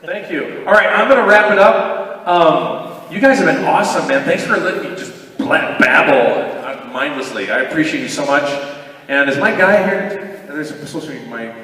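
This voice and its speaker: A man's voice: fairly high pitch, lively intonation, normal speed, pushed and bright. A man talking casually and rambling at a convention Q&A panel, often laughing, recorded by an audience camera far from the stage in an echoey hall. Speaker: voice actor convention guest.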